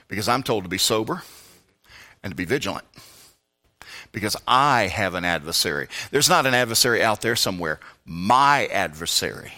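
Male pastor, bright sharp voice, animated pitch, swings from measured to shouted preaching. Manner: builds from low, measured talk to shouted preaching. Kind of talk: sermon. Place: church.

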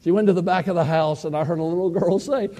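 A man's voice: a little high, fairly even intonation, fast talker, mellow. A man preaching a sermon, telling a personal story in a folksy, heartfelt way with repeated words. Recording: long hall reverb.

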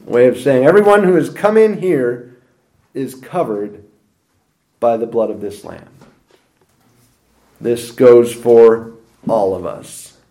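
A man preaching a sermon, explaining scripture with emphatic swings of pitch and loudness. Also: slow, long pauses.

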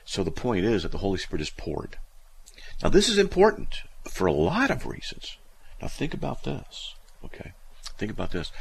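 Low gravelly guy teaching bible verses, gets all excited and squeaky, huskyish. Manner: animated and emphatic, voice jumping high when excited; pauses to look up verses, thinking aloud. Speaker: show host teaching the Bible. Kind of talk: Bible teaching talk show.

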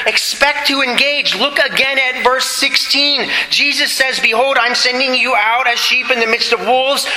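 A man's voice: very high-pitched, bright, forceful tone, slight background noise. A man preaching a sermon to a congregation, earnest and emphatic, repeating his key points. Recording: echoey hall with long reverb.

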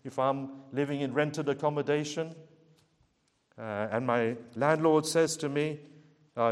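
A man's voice: fairly high pitch, moderate pace, long reverb tail. A man preaching a sermon, earnestly pleading with his listeners and asking repeated rhetorical questions.

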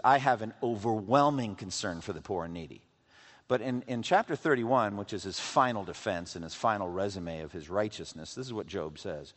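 A man preaching a sermon, reading scripture aloud and pressing his listeners with emphatic questions. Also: lowish voice. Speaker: pastor. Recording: reverberant hall, voice from a distance.

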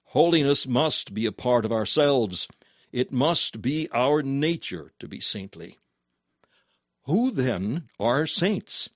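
Guy reading an old sermon, earnest and measured, leans on words, dry close sound. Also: lowish voice, dry recording. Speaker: preacher.

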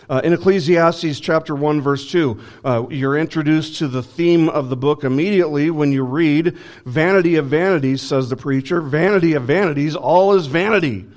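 A man preaching a sermon in a conversational way, with frequent fillers and restarts. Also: on the high side. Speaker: pastor.

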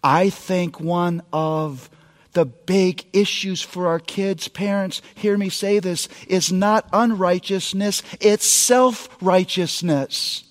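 A man's voice: high-pitched, fairly even intonation, slow pace, big-room sound. A man preaching a sermon, emphatic and speaking straight to the parents in his audience. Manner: emphatic, addresses parents directly.

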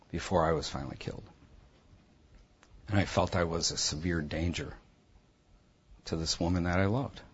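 A man bluntly and intensely telling his personal testimony, with a husky voice. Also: low-pitched, muffled recording. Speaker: speaker giving a personal testimony.

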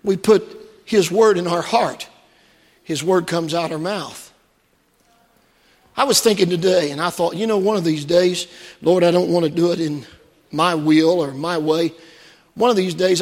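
A man's voice: high voice, a little slow, long pauses, big-room sound. A man preaching a sermon to his congregation, earnest and repetitive, asking them direct questions. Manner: earnest, repeats phrases, rhetorical questions to the congregation. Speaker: pastor. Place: church.

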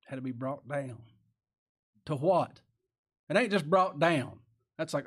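A man's voice: a little high, animated, brisk, fairly bright tone. A man preaching a sermon in a folksy way, asking the congregation rhetorical questions and chuckling to himself.

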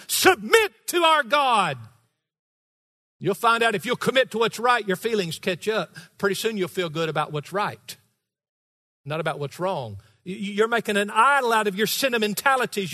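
A man preaching as pastor, emphatic and rising to shouts, teasing his congregation now and then, in a large church with a balcony. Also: on the high side, big-room sound. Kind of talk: sermon.

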